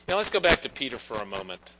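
A man's voice: mid-range voice, very animated, sharp tone, soft background music, rough recording. A male pastor delivering a conversational sermon, slipping quoted lines into his talk. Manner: conversational preaching, quoting figures in quick asides.

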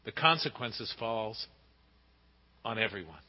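A man preaching a sermon emphatically, asking rhetorical questions and swinging between loud and hushed delivery. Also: lowish voice, sing-song, measured pace, slightly rough. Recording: muffled with long hall reverb.

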